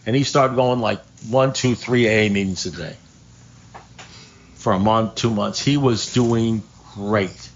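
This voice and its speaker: An older man speaking at a recovery meeting, telling a story in an animated way, acting out phone calls, swearing and laughing at his own punchlines. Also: on the low side, unhurried, muffled recording, a little hiss or hum. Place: meeting room.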